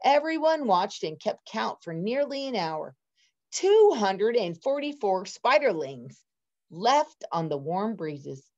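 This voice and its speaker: A woman teacher reading a picture book aloud to her students, expressive and adding chatty asides to the class. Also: mid-range voice, slow pace. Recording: dull lo-fi recording.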